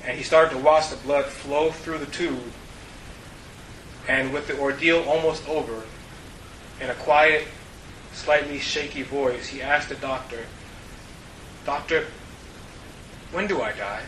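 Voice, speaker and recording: A man preaching an earnest sermon to his congregation, telling stories and dropping to a hush for the key points. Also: mid-range voice, fairly even intonation, measured pace, pauses often. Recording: roomy, distant mic with faint hiss.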